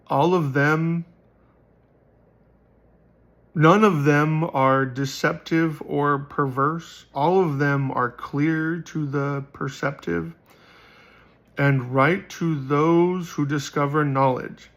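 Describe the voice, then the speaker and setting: A man voicing Wisdom personified as a slow, grand fantasy narrator, his voice raspy from illness. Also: a little high, fairly even intonation, fairly bright tone. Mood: proclaiming. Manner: slow, declaiming, raised.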